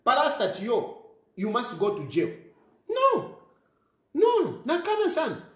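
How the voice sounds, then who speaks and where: A man with a Zambian accent giving an animated social media rant, scolding and mixing English with a local language. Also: very high-pitched, normal speed, roomy sound.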